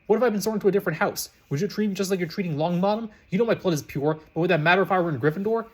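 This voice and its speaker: Earnest, fiery schoolboy, read by a man; insistent, fast, a bit high. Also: slightly rough. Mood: outraged. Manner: outraged, insistent. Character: earnest, hot-tempered eleven-year-old boy.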